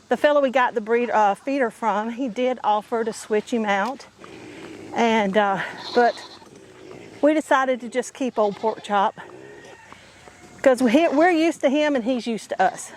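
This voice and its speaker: A woman's voice: a little high, unhurried, slight background noise. A woman chatting casually outdoors on her homestead, folksy and talkative, calling her viewers y'all. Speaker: homesteading vlogger. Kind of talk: casual chat to camera.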